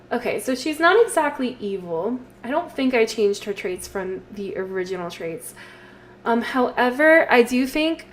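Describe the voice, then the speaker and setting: A woman giving casual commentary over a life-sim game, chatty and storytelling, with trailing fillers. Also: on the high side. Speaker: let's play host.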